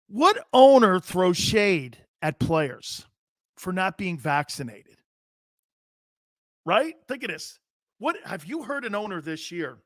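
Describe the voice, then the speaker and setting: A man hosting a sports talk show in a brash, joking style, reading out chat and giving shout-outs. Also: high voice, dry recording, studio quality.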